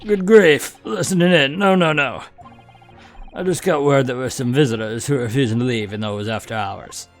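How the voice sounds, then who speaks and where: A fawning, flustered police inspector with a thick put-on Cockney accent, as a man voices him, piling on pleasantries in a tumble of words. The voice sits at an everyday male pitch, with faint music under it. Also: a little fast, lightly acted. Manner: gushing, over-polite, flustered. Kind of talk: fan voice-acting of a game.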